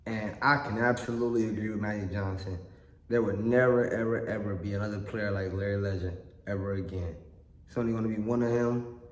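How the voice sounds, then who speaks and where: A man's voice: fairly low pitch, a little mellow. A young adult man hosting a reaction channel, talking earnestly to his viewers in a rambling way and repeating himself often. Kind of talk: casual monologue to viewers. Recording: echoey room with long reverb.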